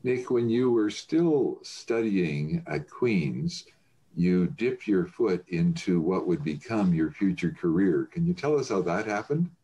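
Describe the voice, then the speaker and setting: A man interviewing a guest with brief, halting prompts. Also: low voice, animated, dark tone, husky.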